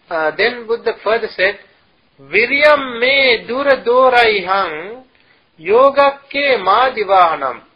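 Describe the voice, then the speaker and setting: A man, a Buddhist monk, giving a retreat dharma talk, speaking haltingly and breaking into chanted verses. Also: sits high, slightly rough, muffled recording. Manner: slow, halting delivery with chanted Pali and Sanskrit verses.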